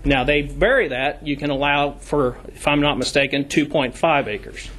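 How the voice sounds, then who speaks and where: Man speaking at a public meeting, deliberate and emphatic, citing regulations. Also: fairly high pitch, fairly bright tone. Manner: deliberate, emphatic, stresses key words. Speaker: public commenter at county meeting. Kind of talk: formal public comment, reading code sections. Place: county commission meeting room.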